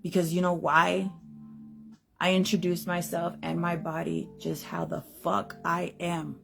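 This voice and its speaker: A woman's voice: lowish voice, little pitch movement, a little slow, vocal fry. Podcast host, young woman, blunt profane rant, faint music bed. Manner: blunt, emphatic, heavy swearing.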